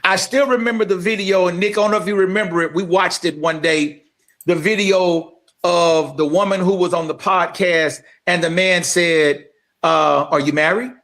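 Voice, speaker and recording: A man's voice: high voice, steady tone, moderate pace, a bit bright. A man co-hosting a talk podcast, speaking emphatically in a sermon-like way and addressing the listeners directly. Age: adult. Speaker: podcast co-host. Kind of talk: impassioned podcast talk, preacher-like.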